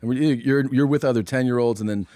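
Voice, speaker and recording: A man from Minnesota co-hosting a podcast, telling a childhood story in an excitable, laughing, profane way. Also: fast, slight background noise. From Minnesota, USA. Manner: excitable, laughs often, jumps high in pitch when amused. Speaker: podcast co-host. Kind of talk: casual comedic storytelling.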